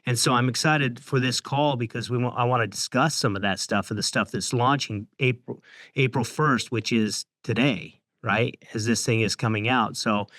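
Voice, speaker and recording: A man's voice: mid-range voice, fairly bright tone, no echo. Man musing with fillers, dry sound. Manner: reflective, halting with many fillers. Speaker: brokerage training leader. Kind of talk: casual business discussion.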